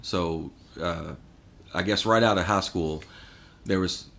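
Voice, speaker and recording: A man's voice: low-pitched, takes it slowly, creaky. A man guest on a podcast, telling rambling, profane stories in casual chat. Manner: rambling, profane, animated storyteller.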